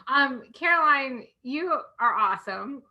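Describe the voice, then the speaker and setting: A woman hosting a relaxed conversation show, her voice pitched a touch high and very bright. She laughs easily between remarks and keeps an easy, chatty flow. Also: measured pace, muffled recording. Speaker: host. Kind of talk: casual chat.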